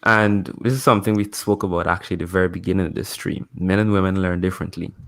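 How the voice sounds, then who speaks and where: A man speaking as a guest in a casual live-stream discussion, laying out his argument deliberately, point by point. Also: sits low, fairly even intonation, gravelly.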